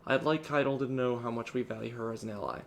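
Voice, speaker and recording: A sick man reading the lines of an earnest, formal male military commander from a video game, in a measured way. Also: medium pitch, gravelly, slight background noise, natural voice.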